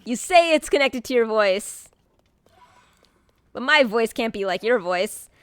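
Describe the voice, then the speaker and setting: A woman streaming live, talking casually to her chat in a rambling way, with many fillers and restarts and bubbly bursts of excitement. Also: a little high, measured pace, clear, resonant tone, no room sound.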